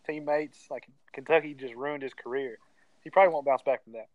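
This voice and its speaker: A man hosting a casual sports picks podcast, loud and teasing. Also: mid-range voice, fairly quick, no echo, muffled recording. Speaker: podcast host.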